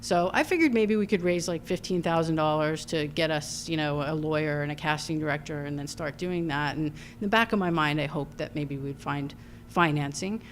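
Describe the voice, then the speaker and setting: A woman with a Long Island accent, a filmmaker talking through her work in a casual interview, thoughtful and halting with many ums and restarts. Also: low-pitched, slight background noise. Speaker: filmmaker guest.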